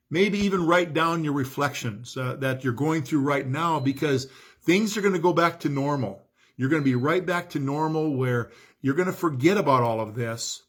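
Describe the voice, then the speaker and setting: Earnest pastor giving a calm sermon. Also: male voice, medium pitch, breathy edge. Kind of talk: recorded sermon message.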